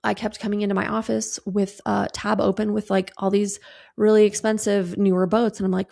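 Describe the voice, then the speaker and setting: A woman's voice: mid-range voice, flat delivery, fairly quick, gravelly, dark tone. A woman in her thirties hosting a casual solo podcast, chatting breezily, swearing casually and acting out quoted conversations. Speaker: podcast host.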